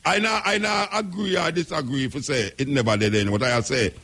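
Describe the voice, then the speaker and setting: A Jamaican man hosting a call-in radio show, firm and quick to cut callers off. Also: a little high, fairly bright tone.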